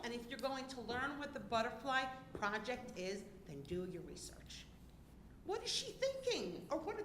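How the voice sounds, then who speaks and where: At a school board meeting's public comment, a mother with a fairly high, fairly bright voice speaks upset and indignant, near tears, her voice rising and cracking with emotion. The room is reverberant, with slight background noise.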